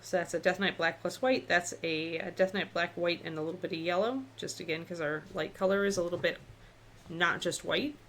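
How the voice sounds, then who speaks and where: Woman with a lowish voice, easygoing stream host talking through her brushwork. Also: brisk, slight background noise. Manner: relaxed, chatty, thinking aloud while painting. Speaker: miniature painting instructor. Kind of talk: live-stream painting tutorial.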